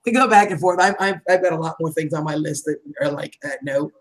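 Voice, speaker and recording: A woman's voice: deep voice, brisk, a bit bright, low-quality recording. A woman hosting a livestream, chatting casually and laughing often, her voice starting to tire. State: voice tiring. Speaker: livestream host. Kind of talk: casual chat.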